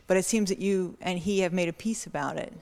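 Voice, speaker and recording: A woman in the audience asks the filmmaker a question, earnest and measured. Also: lowish voice, vocal fry, a little mellow. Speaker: audience member asking a question.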